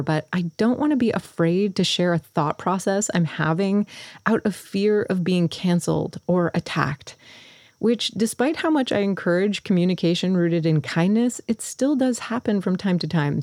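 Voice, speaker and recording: Brief: female host, low mellow voice, early-morning sound, dry close recording. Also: dry recording. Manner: thoughtful, earnest, talking through her thinking. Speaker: podcast host. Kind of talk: solo podcast introduction.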